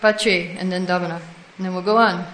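A woman's voice: fairly low pitch, steady tone, a little fast, a bit bright. A woman teaching a devotional class, retelling stories with quoted dialogue and answering listeners. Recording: echoey room.

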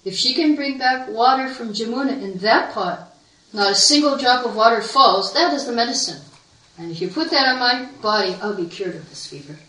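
A woman's voice: fairly high pitch, animated, normal speed, sharp tone, echoey room, recorded from a distance, pitched above the performer's own voice, poor audio. A woman doing a feverish young cowherd god. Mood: instructing.

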